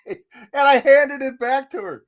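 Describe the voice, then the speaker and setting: A man's voice: very high voice, unhurried. An older man co-hosting a podcast, telling stories in a rambling, folksy way with frequent chuckles. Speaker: podcast co-host. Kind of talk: casual chat.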